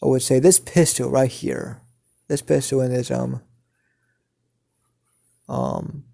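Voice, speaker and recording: A man improvising a fan story as narrator, halting with many ums and restarts. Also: medium pitch, little pitch movement, creaky, mellow.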